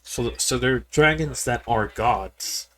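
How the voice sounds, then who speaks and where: A man's voice: mid-range voice, takes it slowly, soft background music. A man giving casual, rambling commentary while playing a game, often repeating words and talking straight to his viewers. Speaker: game streamer. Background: people yelling in the background.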